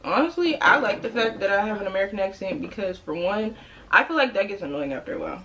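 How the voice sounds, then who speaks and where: A young woman from the Washington DC area chatting while doing her makeup, telling stories in an animated way and putting on playful voices. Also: medium pitch, quick pace, lo-fi sound. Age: young adult. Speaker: beauty vlogger. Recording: noisy home recording.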